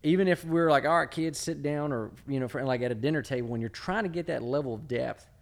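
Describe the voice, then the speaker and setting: A man's voice: medium pitch, fast talker, creaky, a little mellow. A man hosting a casual conversation, thinking aloud and searching for words as he asks questions. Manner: thoughtful, searching for words while asking questions. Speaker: podcast host.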